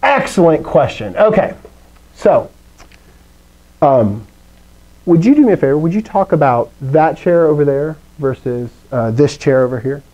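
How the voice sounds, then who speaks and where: A man leads a Greek lesson in a classroom full of students. His voice sits a little high yet sounds mellow and warm. He talks in an animated way, with big pitch swings and playful asides. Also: a little slow, long pauses, rough recording. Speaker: Greek teacher. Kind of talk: live classroom lecture.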